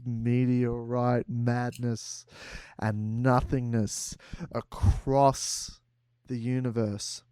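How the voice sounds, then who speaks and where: Slow, giggly man on a dry mic. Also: medium pitch, a little mellow, clear, resonant tone, dry recording. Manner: slow, giggly, building the story step by step. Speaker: podcast co-host. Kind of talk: improvised comic storytelling.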